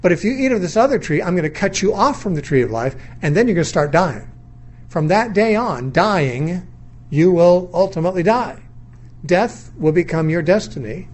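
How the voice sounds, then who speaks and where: A middle-aged man gives a sermon lecture in a fairly high voice, thinking aloud as he weighs different views. He questions rather than asserts, and often restarts his sentences. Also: lively intonation, moderate pace, a little mellow. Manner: thoughtful, reasoning aloud, with frequent restarts. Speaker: Bible teacher.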